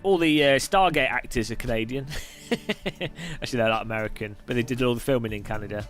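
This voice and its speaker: A man's voice: medium pitch, quick pace, a bit bright, faint music behind. A man chatting casually on a live sim racing stream, reading viewers' messages aloud and laughing often.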